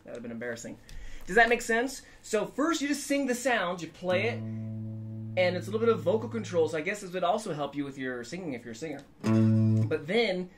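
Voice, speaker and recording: A man's voice: sits high, sing-song, quick pace, fairly bright tone. A man giving a casual guitar lesson in an upbeat, chatty way, now and then singing notes to show the method. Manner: upbeat, chatty, sings scales to demonstrate. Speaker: guitar teacher.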